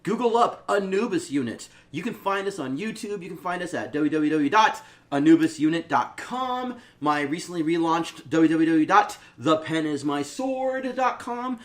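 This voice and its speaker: A man co-hosting a casual gaming podcast, animated and boisterous, bursting into laughs and yells. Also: a little high, moderate pace. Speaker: podcast co-host.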